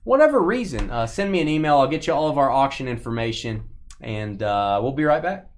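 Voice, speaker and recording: A man hosting a live sports card break stream, chatting casually and joking as he opens packs, breaking into excited shouts. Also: mid-range voice, a little fast, a little hiss or hum.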